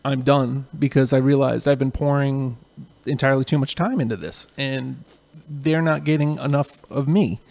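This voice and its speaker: A man speaking bluntly and earnestly in a casual podcast chat, swearing now and then. His mid-pitched voice has a heavy gravelly creak. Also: steady tone, normal speed, a little mellow.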